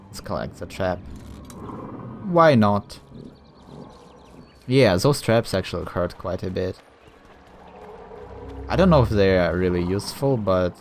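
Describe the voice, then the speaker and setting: Guy doing a let's-play, slow unhurried talk, thinks out loud, kinda rambly. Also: fairly low pitch, a little hiss or hum. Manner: relaxed, rambling, thinking aloud with many fillers. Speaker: gameplay commentator. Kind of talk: casual let's-play commentary.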